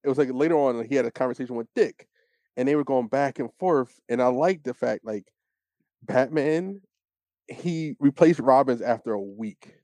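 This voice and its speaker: A man's voice: medium pitch, normal speed. A man co-hosting a podcast, retelling a show scene in casual chat and acting out the lines. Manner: animated storytelling, acts out quotes. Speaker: podcast co-host.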